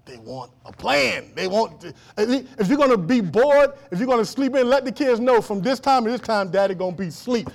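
High-voiced preaching man. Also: lively intonation, moderate pace, gravelly, few pauses. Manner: folksy, laughing asides, call-and-response questions. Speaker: pastor. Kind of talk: sermon.

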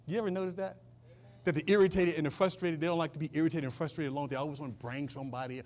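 A male pastor with a fairly high voice delivers a sermon. He swings between loud, driving declarations and hushed asides, and he keeps asking the congregation call-and-response questions. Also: fairly even intonation, very fast, slight background noise.

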